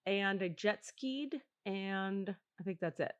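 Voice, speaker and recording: A middle-aged woman hosting a podcast, telling a story in a casual, animated and self-mocking way. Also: mid-range voice, slow pace, clear, resonant tone, lo-fi sound. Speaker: podcast host.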